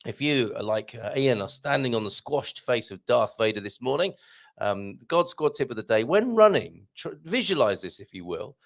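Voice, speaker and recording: A man hosts a casual live stream, reading out comments and tips from his viewers. His voice sits at a middle pitch but rises and falls with a lot of movement. He sounds chatty and jokey, with self-deprecating asides. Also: sing-song, moderate pace, gravelly. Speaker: host of a live show.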